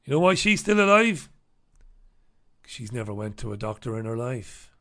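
A man's voice: mid-range voice, sing-song, moderate pace, sharp tone. A man hosting a talk show, delivering a sarcastic, combative monologue and reviewing the papers, swearing freely. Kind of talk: ranting monologue and newspaper review.

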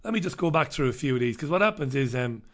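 With scoffing, sardonic asides and a rambling, repetitive delivery, a livestream host works through newspaper stories and viewer comments. His mid-range voice is animated, fast and fairly bright.

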